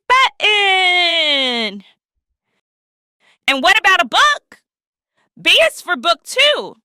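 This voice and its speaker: Bright, bouncy woman children's host. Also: sits high, no echo, clean studio sound. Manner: sing-song, coaxing, asks children to join in. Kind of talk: children's lesson.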